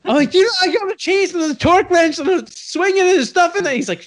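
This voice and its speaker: A man's voice: very high-pitched, fast talker. A man, telling a long personal story in casual talk, acting out the voices of the people in it, full of "like" and restarts. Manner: animated, acts out quoted voices with sudden loud jumps; heavy use of "like" and restarts, swears casually. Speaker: guest telling his career story.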